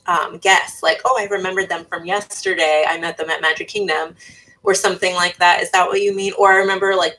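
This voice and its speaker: A young woman YouTuber livestreams, reading viewers' comments out loud and thinking aloud in casual chat full of fillers and restarts. Her voice is lowish and bright with a forceful tone, and the audio is poor.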